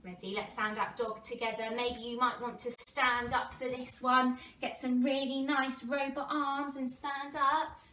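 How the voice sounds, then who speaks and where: A primary school teacher with an English accent and a high voice leads young children through a phonics lesson, sounding out words slowly and expressively. She is animated, exaggerating the sounds with gasps and whispers, and the distant mic sounds roomy with faint background noise.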